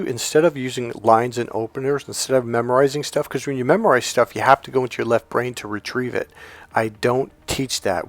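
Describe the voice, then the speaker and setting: A man's voice: mid-range voice, dry recording. A man who works as a dating coach, talking bluntly and swearing freely as he tells stories about his clients. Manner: blunt, profane storytelling with acted quotes. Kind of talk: casual coaching monologue.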